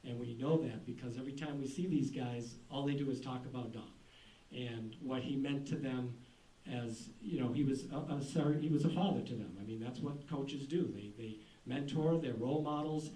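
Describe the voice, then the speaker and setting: A man's voice: medium pitch, moderate pace, mellow. Man introducing an inductee in an echoey hall. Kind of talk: ceremony introduction. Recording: distant, echoey hall with faint hiss.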